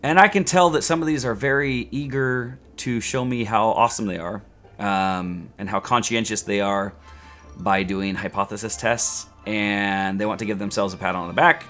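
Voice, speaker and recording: A man's voice: fairly low pitch, steady tone, normal speed, a bit bright, faint music behind. A man teaching statistics in a casual video lecture, chatty and joking, with rants and self-mocking asides. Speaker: statistics instructor.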